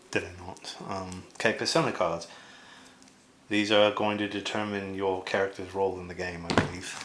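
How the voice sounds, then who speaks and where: A man's voice: deep voice, very noisy. A man chatting casually as he unboxes a board game, rambling with lots of fillers and asides.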